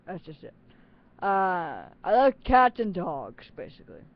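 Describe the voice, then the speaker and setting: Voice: medium pitch, huge pitch swings, unhurried, creaky, highs cut off. A teenager talking casually into a webcam on their own channel, rambling and giggling with plenty of self-mocking asides. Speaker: channel host.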